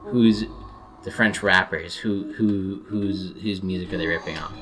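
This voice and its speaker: Deep-voiced guy ranting sarcastically. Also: steady tone, a little slow. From United States. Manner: rambling, profane, sarcastic. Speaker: gaming commentator. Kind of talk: rambling rant over gameplay.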